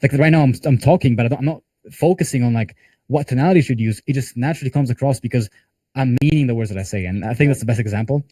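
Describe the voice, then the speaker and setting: Fast-talking man coaching a sales team. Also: mid-range voice, warm tone, no room sound. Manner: conversational, talks with hands-on examples and casual fillers. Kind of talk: live group training call.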